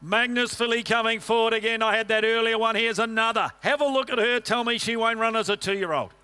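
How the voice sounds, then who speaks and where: A high-pitched man calls bids in a rapid auction chant. His voice is bright and crisp as it rolls the numbers over and over. Between calls he throws quick joking remarks to the bidders. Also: fairly even intonation. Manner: rhythmic rolling bid calls, joking asides to bidders.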